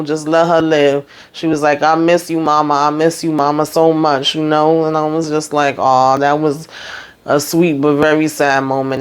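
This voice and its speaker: A woman recapping a TV episode in a casual, animated way from a hot room at home. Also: deep voice, clear, resonant tone. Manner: chatty, animated, talks to viewers with "honey" and "okay". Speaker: TV recap host.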